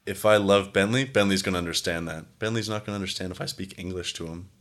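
Deep-voiced young man, rambling chat. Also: fast, a bit bright. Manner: rambling, heavy "like" fillers, swears freely. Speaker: podcast co-host. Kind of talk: casual chat.

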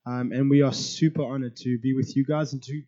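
A hoarse man introducing himself to a church, earnest and laughing easily. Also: mid-range voice, little pitch movement, fairly quick, dark tone, highs cut off. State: hoarse, voice low. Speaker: new church staff member.

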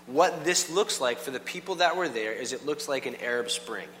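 A man preaching a casual, animated sermon, full of "like" and quick asides to the congregation. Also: mid-range voice. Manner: animated, filler-heavy with frequent "like". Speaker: pastor. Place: church hall. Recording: long hall reverb, faint hum.

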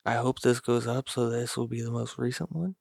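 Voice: mid-range voice, fairly quick, vocal fry, a little mellow, no room sound, studio quality. A laid-back podcast co-host who swears and laughs often in casual banter.

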